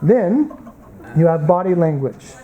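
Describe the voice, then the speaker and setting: A man's voice: a little high, animated, measured pace, mellow, lo-fi sound. An American man teaching a Bible college class, lecturing through stories and acting out the people in them. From United States. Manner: storytelling, acts out quoted people.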